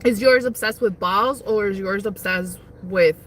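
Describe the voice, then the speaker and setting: A woman's voice: mid-range voice, unhurried, fairly bright tone, slight background noise. A young woman hosting a casual livestream on her lunch break, rambling while she eats and reads chat. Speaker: livestream host. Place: parked car on lunch break.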